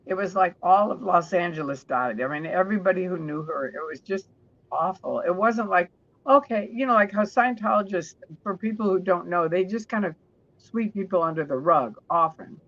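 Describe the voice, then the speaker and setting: A woman guest telling stories in an interview, chatty and warm, often restarting her sentences. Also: lowish voice, animated, moderate pace, highs cut off.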